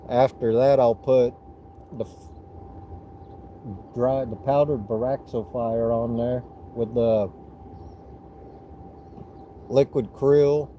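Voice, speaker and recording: A middle-aged man with a Southern US accent, chatting casually on a fishing livestream in a relaxed, rambling way with frequent restarts. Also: medium pitch, slow pace, long pauses, lo-fi sound, slight background noise.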